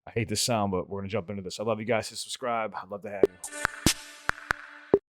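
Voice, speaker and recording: A man's voice: on the low side, steady tone, normal speed, loud music behind the voice. A man hosting a reaction video, talking loosely with rambling restarts. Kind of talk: casual reaction commentary.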